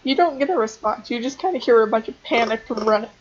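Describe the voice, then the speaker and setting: A woman's voice: on the high side, lively intonation, quick pace, muffled recording. A young woman narrating as game master for a tabletop game, hesitant and full of ums and restarts.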